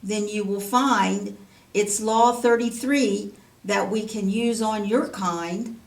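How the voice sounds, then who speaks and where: A woman's voice: mid-range voice, steady tone, slow, creaky. A woman voicing a harsh royal treasurer who roars and blusters, heard roomy and from afar. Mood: roaring. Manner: roaring, blustering. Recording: roomy, from a distance.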